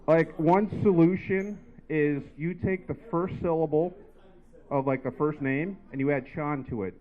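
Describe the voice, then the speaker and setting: A man's voice: fairly high pitch, fairly even intonation, measured pace. Tinny-sounding man doing stand-up. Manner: rambling, filler-heavy storytelling. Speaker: stand-up comedian. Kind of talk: stand-up set. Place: comedy bar stage. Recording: tinny phone-like live recording.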